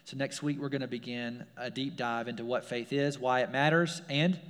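A man's voice: medium pitch, steady tone, moderate pace, a bit bright, in a large hall. A man, a pastor, preaching a sermon in a casual, conversational way, full of fillers and repeated phrases. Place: church sanctuary.

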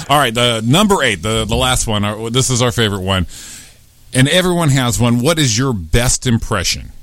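Lively, chuckling male podcast host. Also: mid-range voice, moderate pace, dry recording. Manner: laid-back, chuckling quiz host. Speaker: podcast host running a quiz. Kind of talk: casual podcast chat.

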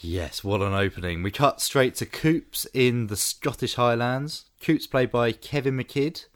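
A man's voice: medium pitch, unhurried. A man co-hosting a podcast, chatting casually and joking dryly about a film. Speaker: podcast co-host. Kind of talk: casual film review chat.

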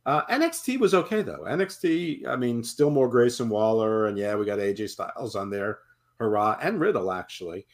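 A man co-hosting a casual chat show over a video call, joking in a wry, deadpan way and swearing casually. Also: mid-range voice, normal speed. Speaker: podcast co-host.

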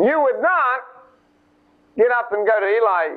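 Man preaching, animated, high and lively voice, thin phone-like radio sound. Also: a little slow. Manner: animated, chatty, acts out the story's voices. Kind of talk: informal sermon storytelling. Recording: tinny lo-fi radio broadcast.

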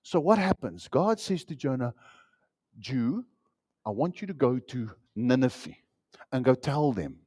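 A man preaching a sermon as pastor, with an animated delivery that swings between loud emphasis and hushed asides. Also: medium pitch, a little slow, husky.

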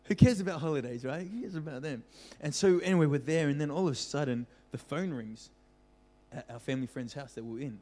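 A young man preaching as a pastor, telling a childhood story with lively acted-out voices and frequent laughter. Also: on the high side, brisk. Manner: animated storyteller, acts out voices, laughs often. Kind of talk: storytelling sermon. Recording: reverberant hall.

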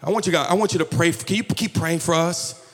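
A man's voice: a little high, fast, fairly bright tone, pitched below the performer's own voice. A male pastor voicing an earnest, amazed business manager in a story, speaking urgently. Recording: echoey hall with music behind.

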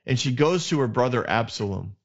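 A man's voice: medium pitch, brisk. Lo-fi male podcast storyteller. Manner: animated retelling with acted asides. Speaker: podcast host retelling Bible stories. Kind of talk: casual storytelling. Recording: dull lo-fi sound.

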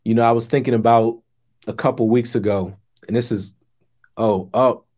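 A man's voice: medium pitch, fairly even intonation, moderate pace, a little mellow. A middle-aged man, hosting a casual discussion stream and talking to viewers in a loose, rambling way. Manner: conversational, rambling with restarts and asides to viewers. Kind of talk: casual spoken commentary.

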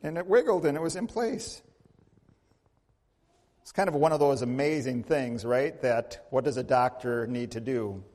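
A male pastor preaching a sermon, telling a story with big swings in pitch and loudness and asking the congregation questions. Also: normal speed. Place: church sanctuary. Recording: long church reverb.

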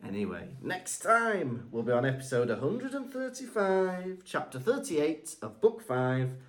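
A man's voice: a little high, very animated, unhurried, hardly any pauses. A man co-hosting a podcast, chatting casually and teasing his partner before signing off. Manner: chatty, teasing, throws in suggestions. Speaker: podcast co-host. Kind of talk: casual podcast chat and sign-off.

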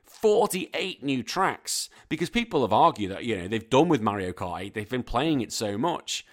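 A British man hosts a casual podcast, talking into his microphone in an animated, ranting way. He swears freely and keeps a middling pitch. He sounds at home behind the mic. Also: moderate pace. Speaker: podcast host.

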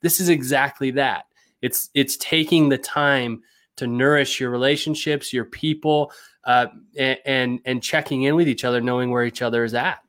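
A man's voice: mid-range voice, steady tone, normal speed, a bit bright, no room sound. Dry-voiced male coach on a podcast. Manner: conversational, laughs lightly while making a point. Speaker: leadership coach. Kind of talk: podcast conversation.

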